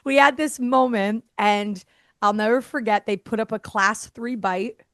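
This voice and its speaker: A woman's voice: on the high side, measured pace, dry recording. Woman telling a story in a dry room. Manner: lively, acts out quoted dialogue; laughs often mid-story. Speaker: podcast guest; airway therapist. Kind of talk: casual storytelling.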